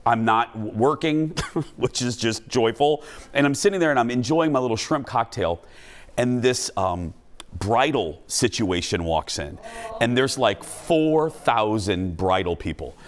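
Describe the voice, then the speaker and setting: A male talk show host spinning a comic story with a self-mocking edge. His voice is mid-pitched but lively, swooping up and down as he acts out each beat. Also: a little slow.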